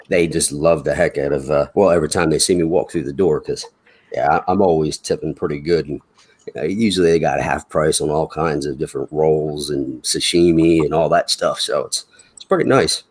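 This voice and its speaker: A middle-aged man, chatting casually in a rambling, folksy way and chuckling between remarks. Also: extremely low pitch. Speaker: chat participant. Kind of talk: casual chat.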